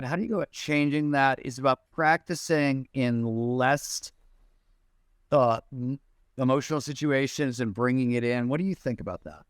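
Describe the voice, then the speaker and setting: A man's voice: mid-range voice, moderate pace, clean tone, no room sound, clean studio sound. A man hosting an interview, asking a long searching question full of fillers and restarts. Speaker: podcast host.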